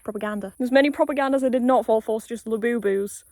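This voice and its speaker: A woman's voice: on the high side, fast talker, a little mellow, dry recording. Chatty young Polish woman with British-tinged English. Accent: British-tinged English with a Polish background. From Poland. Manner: chatty, loose and sweary, with frequent "like" fillers. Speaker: vlogger. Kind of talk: casual rambling vlog. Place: outdoors on a quiet rural road. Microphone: handheld phone while walking.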